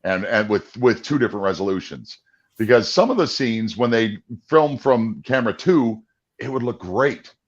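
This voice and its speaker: A man's voice: on the low side, lively intonation, normal speed, muffled recording. A man co-hosting a casual movie discussion, rambling and restarting as he chuckles between points. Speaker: podcast co-host and voice-over performer.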